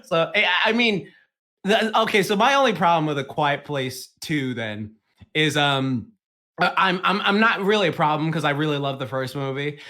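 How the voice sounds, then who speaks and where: A man with a fairly high, bright and forceful voice chats excitedly on a podcast. He swears freely and slips into little acted-out quotes as he rants. His delivery is loose and casual throughout. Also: moderate pace. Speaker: podcast co-host.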